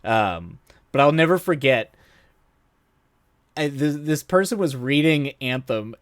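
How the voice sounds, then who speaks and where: A man's voice: mid-range voice, lively intonation, slow pace, pauses often, no echo, clean studio sound. Rambling, chatty male streamer. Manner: rambling, self-interrupting, laughs often. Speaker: streamer host. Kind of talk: casual live-stream chat.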